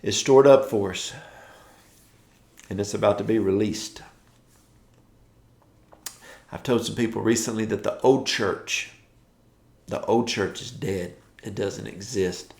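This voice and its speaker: Gravelly-voiced preacher man exhorting. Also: fairly low pitch, takes it slowly, pauses often, darkish tone, roomy sound. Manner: exhorting, repetitive declarations. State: yawning, tired from early rising. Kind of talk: morning devotional sermon.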